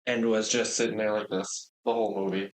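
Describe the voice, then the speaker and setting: Young male co-host, relaxed and self-deprecating, casual chat. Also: on the low side, a little fast. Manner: easygoing, self-deprecating, nervous about spooky topics. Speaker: podcast co-host.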